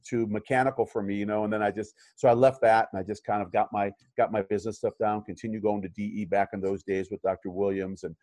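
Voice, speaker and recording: A man's voice: on the low side, fairly even intonation, fast talker, few pauses, a little mellow, dry recording. A middle-aged man, a chiropractor and coach, talking in a casual interview, rambling with many fillers and restarts.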